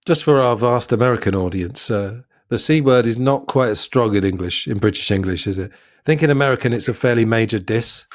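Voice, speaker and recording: A man's voice: mid-range voice, fairly quick, no echo. Chatty male podcast host, dry sound. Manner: chatty, acts out quotes in funny voices. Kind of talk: casual film-discussion chat.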